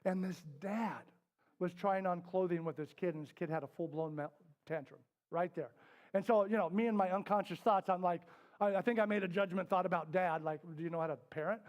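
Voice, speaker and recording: A middle-aged man teaching a parenting workshop, talking candidly to a live group. He tells stories, acts out the voices in them and drops to a soft, quiet tone for serious points. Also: high-pitched, a little fast. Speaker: parenting class instructor. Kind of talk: storytelling workshop talk. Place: indoor classroom with a live group.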